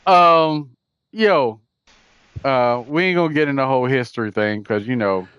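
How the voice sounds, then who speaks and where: A man's voice: medium pitch, moderate pace, fairly bright tone, clean tone, no room sound, dull audio. A man co-hosting a podcast, chatting about games in a laid-back, slangy way. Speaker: podcast co-host. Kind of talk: casual gaming chat.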